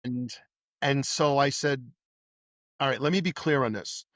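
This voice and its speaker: A middle-aged New man talks through his old police days in a casual interview, acting out the voices of people in his stories. His pitch sits in the middle of the range for a man. The recording is dry and close, with no room sound. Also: a little slow, dry recording. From New York. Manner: animated anecdotes with acted-out dialogue. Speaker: podcast guest, former police detective.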